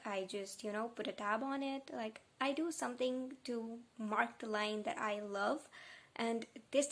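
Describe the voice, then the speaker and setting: A young woman chatting emotionally in a reading vlog, gushing and close to tears. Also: mid-range voice. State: tearful. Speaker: book vlogger. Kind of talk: casual reading vlog chat.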